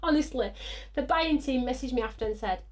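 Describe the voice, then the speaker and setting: A bubbly woman hosts a live craft stream, her voice sitting a little high. She chats with excitement, whoops, laughs, and greets viewers as she reads their comments aloud. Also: fairly quick. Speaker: host of a live craft show.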